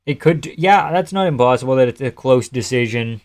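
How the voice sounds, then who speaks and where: A man's voice: medium pitch, expressive, brisk. A man streaming live, chatting loosely and answering his viewers' messages, with the odd curse. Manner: loose, rambling, profane, answers chat messages. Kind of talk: casual live-stream chat reacting to a fight card.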